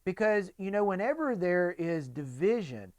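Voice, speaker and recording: A man's voice: high-pitched, very animated, moderate pace, no echo. A middle-aged man giving a casual, conversational sermon as a pastor, acting out quotes in voices.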